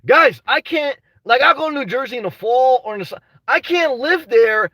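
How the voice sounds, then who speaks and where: Young male streamer, high, bright voice with a dry sound; restless, emotional chat that breaks into shouting. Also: expressive, normal speed, no echo, distant mic. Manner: restless, says "man" constantly, swings to shouting. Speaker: vlogger reading live chat.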